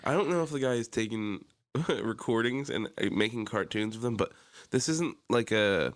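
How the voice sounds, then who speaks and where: Animated low-voiced man telling stories. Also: normal speed. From Pennsylvania. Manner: animated storytelling, acts out his own anger. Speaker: podcast co-host. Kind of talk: casual chat.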